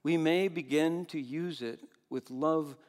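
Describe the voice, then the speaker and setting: An older man preaching a sermon as pastor, animated, swinging between loud exclamations and soft asides, with frequent laughs. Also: fairly high pitch, slow pace.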